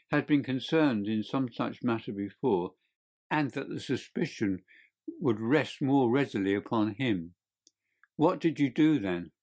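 A man voicing a stern, commanding male detective who questions a suspect in a measured way in an audiobook reading. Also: medium pitch, a little mellow. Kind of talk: audiobook character voice.

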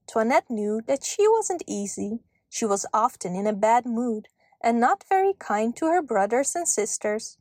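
A woman's voice: on the high side, big pitch swings, measured pace, a little mellow, no echo, studio quality. Woman reading a children's story.

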